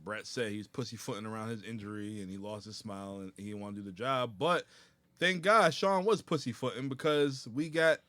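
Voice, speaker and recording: A man on a podcast, casually recounting a wrestling match and acting out loud quotes. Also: fairly low pitch, fairly quick, no room sound. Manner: laid-back storytelling with loud acted quotes. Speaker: podcast host. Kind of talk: casual chat.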